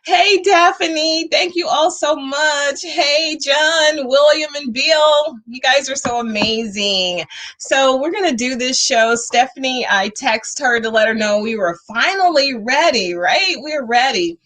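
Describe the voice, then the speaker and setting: A woman's voice: high-pitched, slow pace, a bit bright. A woman hosting a talk show, chatting upbeat and motivational to her livestream viewers while she waits for a guest.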